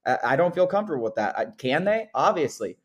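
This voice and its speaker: A man's voice: a little high, fast talker, slightly rough. A young man co-hosting a casual sports podcast, ranting with lots of "like" and "dude.". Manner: animated ranting, frequent "like" and "dude". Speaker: podcast co-host.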